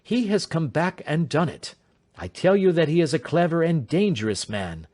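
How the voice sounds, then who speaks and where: A man's voice: on the high side, normal speed, voice pushed up. A man voicing a keen, commanding male detective in an audiobook reading. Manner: crisp, authoritative, animated.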